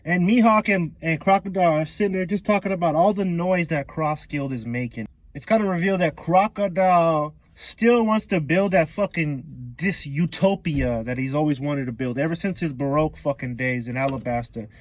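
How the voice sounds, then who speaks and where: A man's voice: on the high side, moderate pace, few pauses, no echo. A man casually recapping a comic chapter in a slangy, profane way, breaking into laughter often. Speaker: manga review YouTuber.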